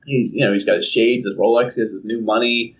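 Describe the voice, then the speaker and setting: A fast-talking young man with a mid-range voice and fairly even intonation co-hosts a laid-back podcast. He meanders through a story doing silly voices, and the lo-fi mic sounds dull and distant.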